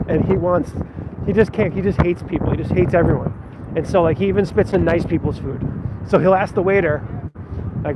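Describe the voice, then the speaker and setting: A man's voice: fairly high pitch, steady tone, brisk, long pauses. A man, a vlogger and stage actor, chatting casually in a rambling, self-deprecating way while he walks and reads viewer comments aloud. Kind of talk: casual live-stream chat while walking. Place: city street outdoors. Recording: muffled lo-fi phone audio with loud street noise.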